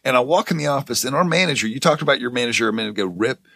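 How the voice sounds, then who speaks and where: A man's voice: medium pitch, racing, creaky, no room sound, clean studio sound. A young man on a podcast, telling a story in a casual chat. He swears a lot and works himself up as he talks. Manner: animated storyteller, swears a lot, gets heated. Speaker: podcast co-host.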